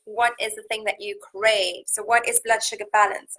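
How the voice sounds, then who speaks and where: A woman hosting a live wellness challenge, slowly counting breaths and then chatting with viewers. Her voice is slightly husky, and she is seated indoors at home. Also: a little high, level tone, pushed and bright, a little hiss or hum, low-quality recording. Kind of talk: live-streamed coaching chat with guided breathing.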